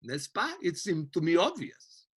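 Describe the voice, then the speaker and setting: A man's voice: fairly high pitch, huge pitch swings, measured pace, slightly rough, exaggerated voice. A man putting on a mock French accent to play a haughty, pompous Frenchman. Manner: pompous, affected.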